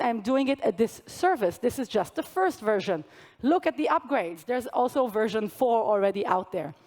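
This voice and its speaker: A young woman delivers a conference keynote in a fairly high voice. She keeps it conversational, throwing jokes and asides to the audience between her points. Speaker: keynote speaker. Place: large conference hall stage.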